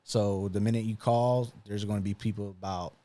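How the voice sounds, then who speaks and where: Low-voiced man rambling casually. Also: moderate pace. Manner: relaxed, rambling, many ums and likes. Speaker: podcast co-host. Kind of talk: casual live podcast chat.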